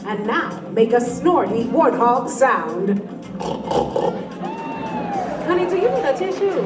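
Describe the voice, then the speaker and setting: Zawadi, a sassy, teasing troupe singer. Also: female voice, fairly high pitch, sing-song, takes it slowly. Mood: playful. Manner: sassy, teasing audience banter. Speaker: stage show performer. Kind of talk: theatrical live stage show. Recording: distant echoey theater with music and crowd.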